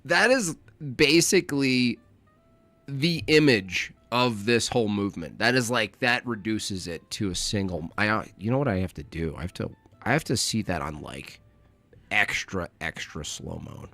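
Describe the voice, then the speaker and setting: A man's voice: on the low side, expressive, normal speed, sharp tone. A man giving sarcastic live commentary while reacting to protest footage, rambling and mocking as he goes.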